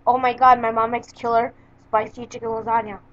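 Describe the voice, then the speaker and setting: Chatty woman with a higher voice. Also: flat delivery, fairly quick. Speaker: interviewer. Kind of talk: casual interview. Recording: slightly dull sound.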